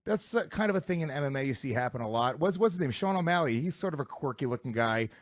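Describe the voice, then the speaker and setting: Man, podcast co-host, teasing profane banter, rapid delivery, dry studio sound. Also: medium pitch, lively intonation, no room sound. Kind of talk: casual chat.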